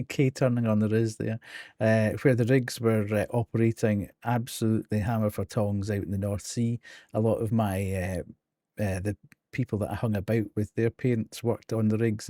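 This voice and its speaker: A man's voice: on the low side, dark tone, no room sound. Man, Geordie accent, middle-aged, game streamer, casual chat, laughs a lot, dry close sound. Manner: chatty, laughs often, many ums and restarts.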